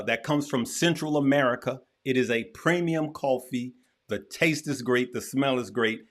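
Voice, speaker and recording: A man hosting a livestream in casual chat, talking emphatically and repeating himself, with heartfelt, preacher-like encouragement. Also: mid-range voice. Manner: emphatic and repetitive, with frequent restarts. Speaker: host.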